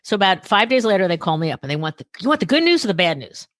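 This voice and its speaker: A woman guest telling stories in an interview, acting out quoted dialogue, her voice a little worn and hoarse. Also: mid-range voice, very fast, no room sound, clean studio sound. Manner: animated, acts out quoted dialogue. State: losing her voice. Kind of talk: storytelling interview conversation.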